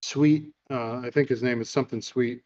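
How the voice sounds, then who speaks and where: A man's voice: mid-range voice, steady tone, moderate pace, darkish tone, lo-fi sound. A man hosting a podcast, telling amused stories in a casual chat and retelling a film. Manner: chatty, amused storyteller. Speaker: podcast host.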